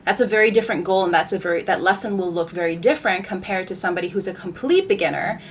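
A woman vocal coach hosts a live stream, addressing her viewers in an upbeat, direct way. She has a lowish voice and talks fast, with slight background noise.

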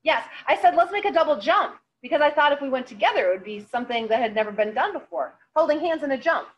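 A woman's voice: high voice, animated, quick pace, lo-fi sound, voice pushed up. A woman reading the lines of an earnest, friendly teenage boy in a novel, with a fumbling, open manner. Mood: eager.

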